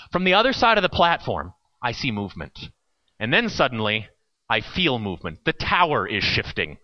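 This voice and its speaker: A man preaching a sermon, telling a story with acted quotes and dramatic pauses. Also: on the high side, sing-song, dull audio. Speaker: pastor.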